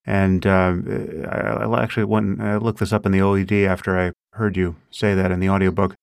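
Male host, low smooth voice, measured, dry close mic. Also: level tone, no echo. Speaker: interviewer, host. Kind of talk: interview questions.

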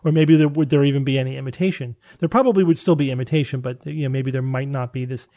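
A man's voice: medium pitch, steady tone, fast, dark tone, dry recording, highs cut off. A man hosting a casual science chat, explaining findings at length with frequent restarts and fillers.

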